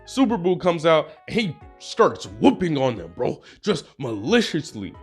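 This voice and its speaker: Lively slangy young man telling a story. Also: fairly high pitch, measured pace, breathy edge, faint music behind. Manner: slangy, rambling, lots of "bro" and "like". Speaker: fan storyteller. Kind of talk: casual fan-fiction storytelling.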